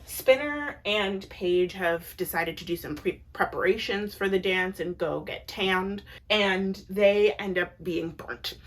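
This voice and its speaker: A woman's voice: medium pitch, takes it slowly, few pauses. A young adult woman recapping TV episodes in a casual, chatty way, with lots of "like" and blunt opinionated asides. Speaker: TV recap vlogger.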